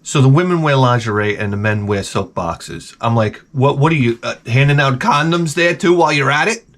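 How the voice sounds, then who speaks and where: A vlogger in his forties rambles through a comic story outdoors beside his shed, sarcastic and self-mocking throughout. His mid-range voice is fairly bright and moves fairly quickly.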